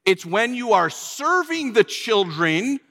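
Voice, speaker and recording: A man preaching a sermon, animated and acting out whiny voices to make his points. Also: very high-pitched, slow, in a large hall. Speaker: pastor.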